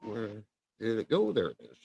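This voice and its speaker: A middle-aged man with a Wisconsin accent hosting a casual livestream, halting and full of fillers and self-corrections. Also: lowish voice, wildly swooping pitch, creaky, lo-fi sound, background noise. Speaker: host of a livestream.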